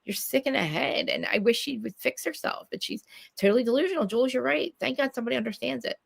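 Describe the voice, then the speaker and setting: A woman's voice: fairly high pitch, lively intonation, fast talker, creaky. A woman from New Jersey, ranting in casual chat, swearing a lot and restarting her sentences. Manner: profane, ranting, many restarts.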